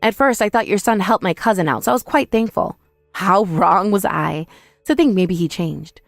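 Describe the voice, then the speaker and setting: A woman's voice: mid-range voice, animated, moderate pace, gravelly, dry recording, clean studio sound, faint music behind. A woman narrating a dramatized first-person story in a confrontational, scolding way.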